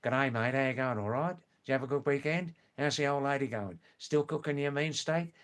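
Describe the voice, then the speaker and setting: Broad Australian bloke, nasal, rattles off greetings quickly and blurs them together , as a man puts him on. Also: medium pitch, a bit bright, natural voice. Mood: cheeky. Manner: rapid, slurred greetings. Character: broad fast-talking Australian office bloke.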